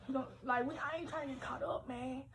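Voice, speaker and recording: A young woman telling a story from her teens on a casual livestream, animated, slangy and full of profanity. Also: high voice, quick pace, a crowd in the background.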